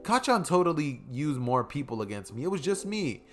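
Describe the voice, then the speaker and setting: A man voicing an eager, cheerful six-year-old boy in a raised voice. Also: normal speed. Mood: upset. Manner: high and excited.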